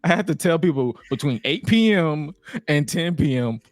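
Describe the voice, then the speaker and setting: A man's voice: fairly high pitch, animated, normal speed, no echo, studio quality. A man chatting casually about wrestling as a guest, with lots of restarts and frequent laughter. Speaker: podcast guest. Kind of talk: casual chat.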